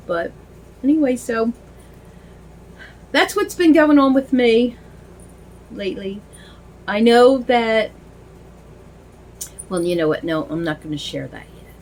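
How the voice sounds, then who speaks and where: A woman's voice: a little high, darkish tone, slight background noise, rough recording. A middle-aged woman chatting casually on her home video, rambling with many fillers and restarts. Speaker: vlogger. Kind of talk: casual chat while dressing a doll.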